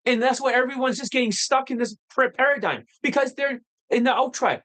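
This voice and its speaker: A man with an extremely high-pitched voice talks briskly through poor audio. He's hosting a dating-coach livestream and rants unscripted, blunt, profane and combative, his excitable tone flaring again and again into heated outbursts.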